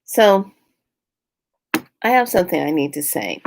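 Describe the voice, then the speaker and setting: Outspoken woman vlogger with a lowish voice, chatting straight to camera. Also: a little slow, creaky, a little hiss or hum. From California. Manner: animated, outspoken, jumps up in pitch when worked up. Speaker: spiritual vlogger. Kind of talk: casual chat to camera.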